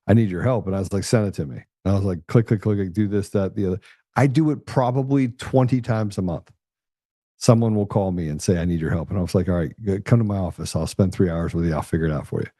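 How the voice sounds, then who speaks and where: A man's voice: fairly low pitch, warm tone, no echo, clean studio sound. A male podcast host telling stories in a casual, blunt way, swearing freely and acting out the voices of people he quotes. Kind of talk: casual conversational storytelling.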